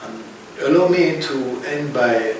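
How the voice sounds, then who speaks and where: A man from France with a French accent, answering interview questions in halting, emphatic phrases that repeat words for stress. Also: medium pitch, a little mellow, heavy reverb, distant mic, a little hiss or hum, poor audio. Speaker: interview guest.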